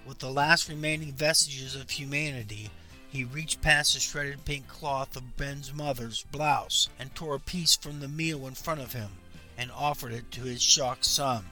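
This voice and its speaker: A man's voice: medium pitch, measured pace, soft background music. A man reading a short horror story aloud with dramatic delivery. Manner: dramatic, loud bursts for the girl's lines. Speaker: story narrator.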